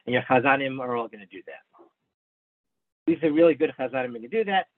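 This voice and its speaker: A man's voice: mid-range voice, expressive, fast talker, dry recording. A man leading an online study class, patiently explaining texts to his students by name, stopping and restarting his sentences as he thinks. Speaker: class teacher. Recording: narrow phone-like sound, dry.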